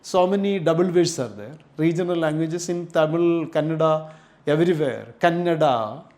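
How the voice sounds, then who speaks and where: Kerala-accented male English tutor, high-pitched, deliberate delivery, spells words aloud. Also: darkish tone. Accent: Kerala Indian English. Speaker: English teacher. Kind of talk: live online class lecture.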